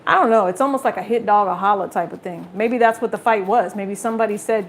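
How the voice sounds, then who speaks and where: A woman's voice: mid-range voice, fast talker, slight background noise. A woman giving a casual tarot reading straight to her viewers, blunt and chatty, swearing freely. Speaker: tarot reader.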